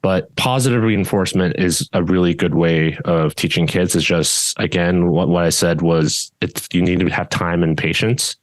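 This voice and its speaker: A man who teaches judo, chatting casually on a podcast in a steady tone that barely changes, with frequent restarts and fillers. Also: deep voice, normal speed, few pauses, no echo. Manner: steady tone that does not rise even when louder; rambling, with many restarts and fillers. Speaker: judo instructor and podcast co-host.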